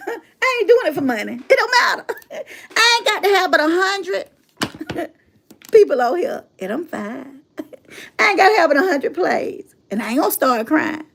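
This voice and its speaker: A middle-aged woman, a motivational speaker who hosts her own channel, chats casually with her audience in a livestream monologue. Her voice is very high-pitched, creaky, and a bit bright, and her delivery is sassy and emphatic, full of laughter and repetition for effect.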